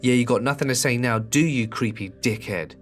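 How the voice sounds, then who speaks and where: A man putting on a sharp-tongued young woman yelling back, loud, raised and defiant. Soft music lies under it. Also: mid-range voice, a little fast, lightly acted. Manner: defiant, confrontational.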